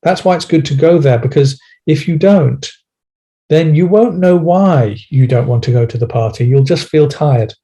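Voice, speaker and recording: Man, British accent, mellow warm tone, gentle coaxing manner, podcast guest. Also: on the high side, normal speed. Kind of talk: podcast conversation.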